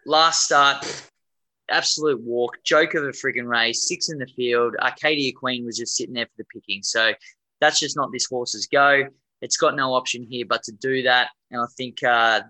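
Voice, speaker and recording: Aussie male tipster, mid pitch, crisp bright tone, dry sound, blunt. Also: dry recording, poor audio. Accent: Australian. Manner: blunt and opinionated. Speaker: co-host giving racing tips. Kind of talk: casual chat.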